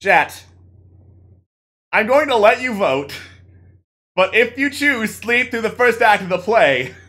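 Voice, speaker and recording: A man's voice: high voice, big pitch swings, slow, bright, forceful tone. A man streaming a text adventure, narrating playfully to chat in a mock-dramatic way.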